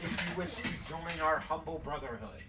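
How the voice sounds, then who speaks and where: A man's voice: fairly high pitch, lively intonation, moderate pace, natural voice. A man voicing a zealous male vampire preacher with a Southern accent, preaching hellfire and brimstone, recorded from a distant mic. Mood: solemn. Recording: distant mic, faint noise.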